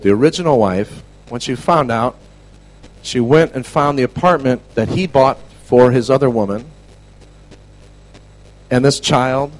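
Animated preacher man, hushed to shouting. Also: mid-range voice, rough recording. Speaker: preacher teaching a class. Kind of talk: storytelling sermon.

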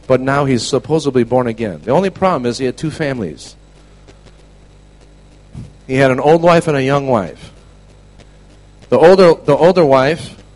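Preacher guy telling a story in a sermon, goes quiet then yells, really animated. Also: a little high, poor audio. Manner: animated, swings from hushed to shouting. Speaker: preacher teaching a class.

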